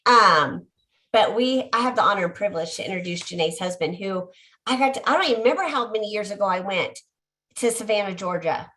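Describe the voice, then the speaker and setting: A woman's voice: mid-range voice, animated, fairly quick, a bit bright. Chatty upbeat woman introducing a speaker. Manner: chatty and upbeat, rambling asides. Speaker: event host introducing a speaker. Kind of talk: introduction on a video call. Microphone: video call.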